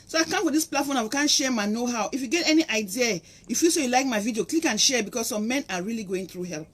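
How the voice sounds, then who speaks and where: A woman's voice: on the high side, breathy edge. A middle-aged woman speaking Nigerian Pidgin English, giving an impassioned, preachy monologue to her viewers. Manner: impassioned and preachy, acts out quotes. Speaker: vlogger. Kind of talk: monologue to camera.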